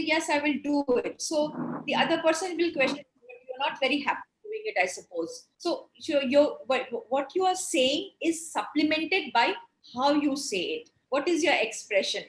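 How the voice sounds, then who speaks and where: A woman's voice: high-pitched, expressive, moderate pace, few pauses, a bit bright, reverberant, slight background noise, poor audio. A woman lecturer explaining drama in an online class, with many fillers and restarts.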